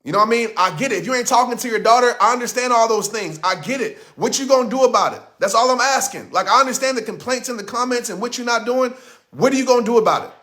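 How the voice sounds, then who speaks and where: Forceful, high-voiced motivational speaker man. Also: fast talker. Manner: emphatic, preachy, repeats lines for effect. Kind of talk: motivational speech. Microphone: studio microphone.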